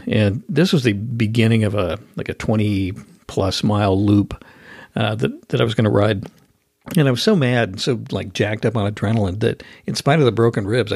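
A man's voice: fairly low pitch, vocal fry, slightly rough, no echo. A man hosting his own podcast, talking casually and telling stories in a chatty way, close to the mic. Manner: chatty, storytelling, animated when annoyed. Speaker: podcast host. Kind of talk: casual solo podcast talk.

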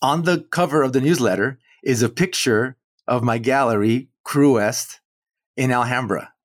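A man, a muralist guest on an interview show, telling a story in an animated way and acting out the quoted dialogue. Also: mid-range voice, normal speed, no room sound, studio quality. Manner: animated, acts out quoted dialogue, chuckles between points.

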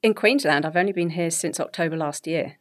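A middle-aged woman with an English accent, a guest telling her story in a lively conversational interview, laughing often. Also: deep voice, fairly quick. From England.

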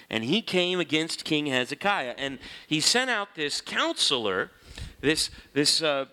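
Animated man teaching from the Bible. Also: on the high side. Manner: animated, conversational, reads scripture aloud.

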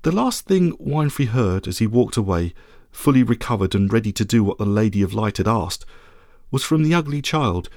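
A man narrating a children's story as podcast host, in an expressive, measured way. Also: fairly low pitch, dry recording, studio quality. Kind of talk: scripted audiobook narration.

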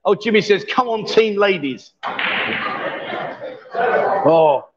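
Jokey man, high voice, busy bar. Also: expressive, slow pace, dull audio, over a noisy crowd. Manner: jokey, chatty, bantering. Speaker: livestream host. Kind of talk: casual live-stream chat. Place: busy bar with a pool table.

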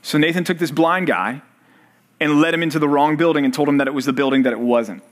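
A pastor in his thirties with a slightly high voice talks fast while preaching to college students at a church service, quizzing them with fill-in-the-blank questions.

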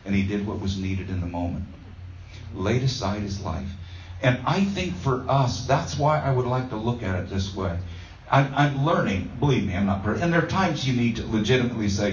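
A man's voice: fairly low pitch, expressive, normal speed, slight background noise. A man giving a conversational sermon as a pastor, telling a self-deprecating story with plenty of fillers. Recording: roomy, distant, dull sound.

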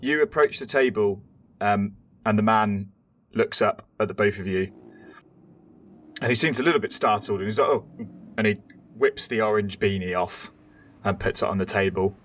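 A man narrating a tabletop role-playing game as game master, relaxed and chatty. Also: on the low side, moderate pace, slight background noise. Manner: relaxed, chatty, often laughing.

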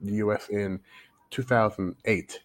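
Man from Canada, low voice, dry close sound, thoughtful, repeats words, interview guest. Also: fairly even intonation, measured pace, dry recording. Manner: thoughtful, repeats words while searching for phrasing. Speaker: guest, coach. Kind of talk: casual interview chat. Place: Shanghai.

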